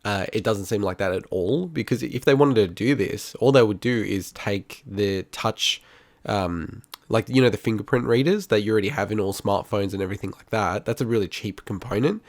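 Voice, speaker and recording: A man with a low voice co-hosts a gaming podcast in casual chat. He argues firmly and laughs often. The recording is close and dry. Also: normal speed, dry recording. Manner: assertive, argues his point, laughs often. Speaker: podcast co-host.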